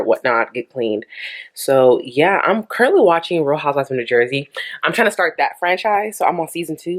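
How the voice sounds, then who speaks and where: A young woman chatting casually to camera in a vlog, rambling and laughing often. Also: extremely low pitch. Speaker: beauty vlogger.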